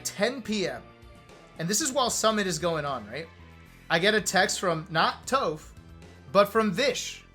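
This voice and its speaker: A man in his thirties, a streamer, casually telling a story to his chat, animated and joking, acting out what others said. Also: sits high. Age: 30s. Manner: animated, joking, acts out quoted lines.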